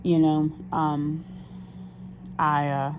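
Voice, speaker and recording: A woman's voice: low voice, drawn-out words. A woman talking candidly in a casual confessional diary vlog, rambling with fillers and restarts and swearing freely. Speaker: diary vlogger. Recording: muffled lo-fi sound with steady background noise.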